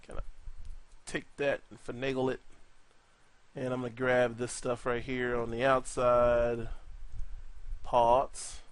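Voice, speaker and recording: A man's voice: mid-range voice, flat delivery, slow, long pauses, no echo. A man hosting a casual 3D modeling tutorial, talking through his steps in a rambling, joking way. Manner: jokey, rambling, talks to himself while working. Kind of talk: casual screen-recorded tutorial.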